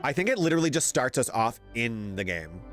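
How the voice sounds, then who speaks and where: A man streaming a story game, chatting casually with viewers and reacting excitably, laughing and swearing. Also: medium pitch, fairly quick, music in the background. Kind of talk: casual gaming stream chat.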